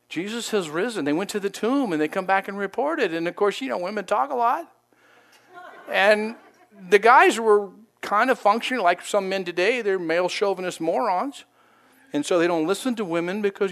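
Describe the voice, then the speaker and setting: High-voiced, animated pastor preaching. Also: male voice. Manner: animated, conversational storytelling with acted-out quotes. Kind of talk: sermon. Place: church sanctuary.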